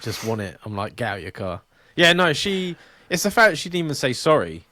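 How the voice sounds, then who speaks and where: A man, a podcast co-host telling stories in sweary, animated casual chat. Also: on the high side, a little fast.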